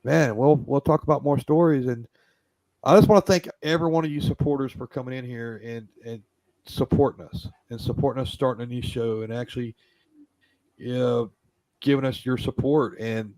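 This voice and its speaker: A man with a Southern American accent hosts a casual live-stream chat, rambling along with many restarts. His mid-range voice has a dark tone, with no echo in the recording.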